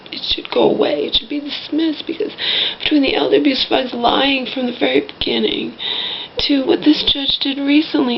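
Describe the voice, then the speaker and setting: A woman's voice: sits high, creaky, lo-fi sound, slight background noise. A woman ranting to her viewers in an indignant, mocking way, swearing and talking straight to the people watching. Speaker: vlogger. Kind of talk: angry personal rant to camera.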